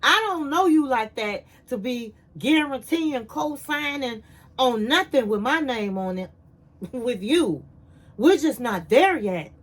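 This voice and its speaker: A woman from Chicago quoting an adult man in her recap, calm and firm as he sets boundaries. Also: high-pitched, slow, exaggerated voice.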